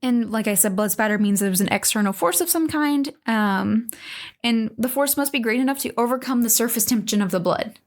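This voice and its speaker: A woman's voice: fairly high pitch, a little fast. Giggly woman reading podcast notes. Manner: giggly, many fillers and restarts. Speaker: podcast co-host presenting the topic. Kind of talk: casual chat, reading out notes.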